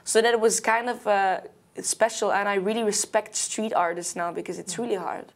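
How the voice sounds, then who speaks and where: Brief: young woman, relaxed chatty guest, mid-pitched voice, lots of "you know" and fillers. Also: moderate pace, a little hiss or hum. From Belgium. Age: young adult. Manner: loose, chatty, many fillers and small grammar slips. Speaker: singer, interview guest. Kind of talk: casual interview chat.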